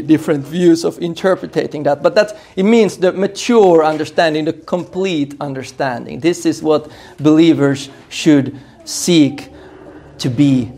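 Hoarse pastor preaching earnestly. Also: male voice, on the high side, dark tone. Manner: earnest, emphatic exhortation with frequent restarts. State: hoarse, losing his voice. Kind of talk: expository sermon.

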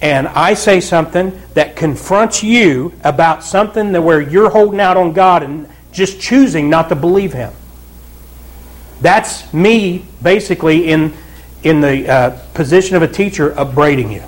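A man's voice: a little high, moderate pace. A pastor preaching a conversational sermon to his church, with asides and repeated calls of "Amen?" to the congregation. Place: church sanctuary.

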